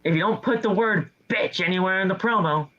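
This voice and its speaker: Man, podcast co-host, bright forceful voice, slightly high, dull lo-fi sound. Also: a little fast. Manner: animated storytelling with mock voices and exasperated jokes. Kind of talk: casual podcast chat recapping wrestling.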